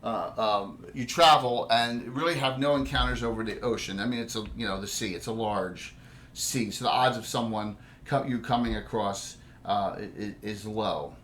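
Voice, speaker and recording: A man's voice: lowish voice, normal speed, a bit bright, a little hiss or hum. A man with a New Jersey accent running a tabletop game as game master, rambling with many restarts.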